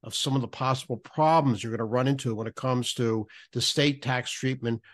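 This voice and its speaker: Guy on a podcast walking through tax stuff, lots of restarts and repeated words, mid pitch. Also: fairly even intonation, fairly quick. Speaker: podcast guest, federal benefits writer. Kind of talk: explanatory podcast talk.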